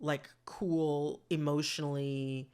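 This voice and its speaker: A woman hosting a public radio interview podcast, upbeat and quick to laugh. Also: sits low, smooth. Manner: lively, laughs often. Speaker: podcast host.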